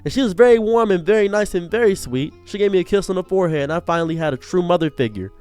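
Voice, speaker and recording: A young man tells a comedic personal story in a lively, joking way, his voice sitting a bit high for a man. Soft music plays faintly behind him. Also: fast, clean tone. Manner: animated, jokey, bursts into higher acted quotes. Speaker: streamer telling a story.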